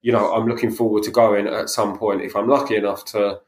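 A man's voice: lowish voice, level tone, fairly quick, roomy sound. A man chatting casually as a podcast co-host, telling stories with many fillers and restarts. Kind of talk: casual chat.

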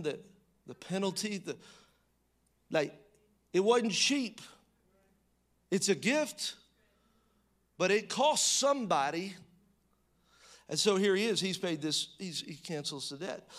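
A man preaches a sermon, alternating between loud, emphatic bursts and quiet, low readings of scripture. He adds conversational asides and restarts.

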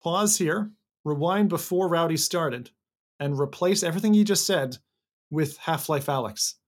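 A man's voice: a little high, measured pace. A man co-hosting a podcast, making joking, playfully bossy asides to the listeners in casual chat. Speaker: podcast co-host.

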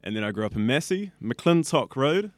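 A man's voice: medium pitch, sing-song, normal speed, no echo. A 21-year-old man with a New Zealand accent, a radio student chatting casually in an interview, rambling and full of fillers. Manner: chatty, rambling, says like a lot.

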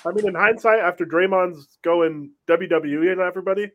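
A man's voice: sits high, steady tone, fairly quick, narrow, tinny audio. A man giving frank opinions as a panelist in a casual sports chat.

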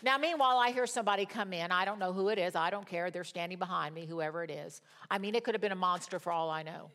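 A woman in her sixties leading a Bible study, telling stories in an animated way that swings between loud exclamations and quiet asides, and talking straight to her audience. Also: on the low side, fast. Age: 60s. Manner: chatty, addresses the audience directly. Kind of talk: storytelling Bible study teaching.

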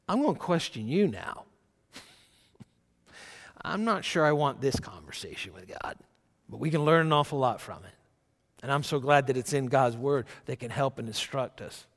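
Animated preacher man in a reverberant hall. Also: mid-range voice, normal speed. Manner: animated, rising loud when quoting scripture, conversational asides. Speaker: pastor. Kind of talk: sermon.

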